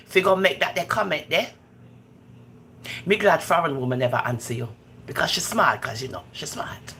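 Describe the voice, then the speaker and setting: A woman's voice: moderate pace, pauses often, slight background noise. A Jamaican woman hosting a live stream, chatting casually and scolding her viewers in patois. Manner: animated, scolds viewers in patois, swooping pitch. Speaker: livestream host.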